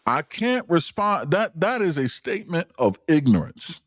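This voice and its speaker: A man's voice: a little high, very animated, moderate pace, no room sound, clean studio sound. A man hosting a livestream panel discussion, insistent and lecturing, often cutting others off.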